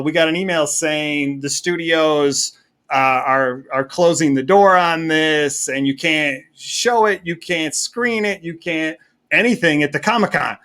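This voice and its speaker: A man, a filmmaker guest on a podcast, telling stories in an animated, enthusiastic way. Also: fairly high pitch. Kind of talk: casual podcast chat.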